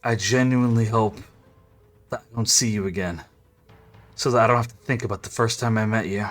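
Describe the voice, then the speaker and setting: A man voicing a weary, blunt male fighter in a low grumbling tone. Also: fairly even intonation, brisk, a bit bright, faint music behind, natural voice. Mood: cold.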